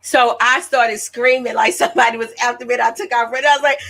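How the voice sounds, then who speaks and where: A woman's voice: high-pitched, fast, hardly any pauses. A woman in her late thirties, an author, telling a story casually and animatedly to her audience. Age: late 30s. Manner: animated, chatty, addresses listeners as y'all. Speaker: author hosting her own celebration.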